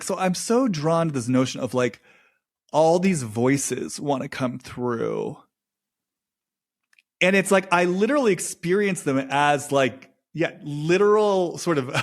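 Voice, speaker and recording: Man musing slowly in a searching monologue. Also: fairly high pitch. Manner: halting, searching, repeats phrases slowly. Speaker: podcast host. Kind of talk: reflective solo monologue.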